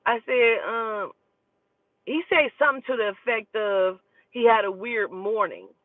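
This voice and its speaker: A woman who does spiritual readings, telling a story in a casual, profane and animated way. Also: a little high, unhurried, no room sound. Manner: profane, animated, talking to herself aloud. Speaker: spiritual reader. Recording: tinny phone-like dry audio.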